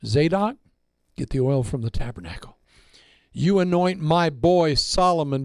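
A dying old king speaking with fatherly authority, as a male preacher voices him, in a gravelly, slightly raised voice. The sound is close and dry. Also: on the high side, a little mellow, dry recording. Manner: fatherly, commanding. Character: dying old king talking to his son.

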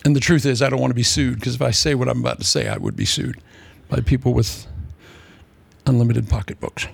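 A man preaching a humorous sermon, sarcastic and animated, slipping into mock voices. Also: mid-range voice, fairly quick, creaky, slightly rough, no echo.

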